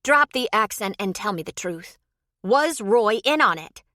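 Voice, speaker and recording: Narrator voicing a fiery young wife, sharp and confrontational, dry close recording. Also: female voice, mid-range voice, expressive, a little slow, no room sound. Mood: furious. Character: young woman, spirited and furious wife.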